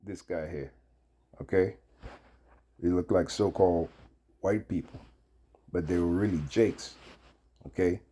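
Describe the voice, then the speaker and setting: A man's voice: deep voice, fairly even intonation, unhurried, pauses often, warm tone, a little hiss or hum. A man hosting his channel, giving casual commentary that rambles with many fillers while he reads text aloud. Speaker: channel host.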